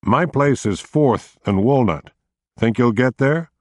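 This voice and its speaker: A man plays a friendly male state trooper with a flat upstate New York accent, folksy and a little halting. The voice sits higher than the narrator's low register, and the sound is dry and close. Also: no echo. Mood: friendly, uneasy.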